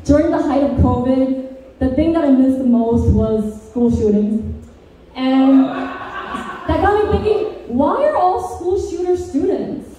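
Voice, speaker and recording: High-voiced woman doing deadpan stand-up. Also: slow. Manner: deadpan dark one-liners with sing-song lilts. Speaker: stand-up comedian. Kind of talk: stand-up comedy set. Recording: very echoey room, distant mic.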